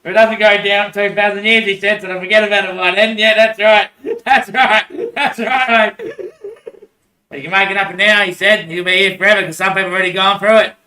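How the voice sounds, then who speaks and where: A man's voice: high voice, a little fast, sharp tone. An Australian man in a rambling casual monologue, swearing a lot and laughing between phrases. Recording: echoey room, voice far from mic.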